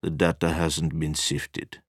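A man reading an audiobook, voicing a weary, cynical man who speaks flatly and remotely. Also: extremely low pitch, slow pace, slightly rough, no echo, studio quality, exaggerated voice. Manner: tired, flat and remote.

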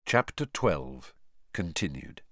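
A man narrating an audiobook in an expressive storytelling manner. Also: extremely low pitch, slow, no room sound, studio quality. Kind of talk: scripted narration.

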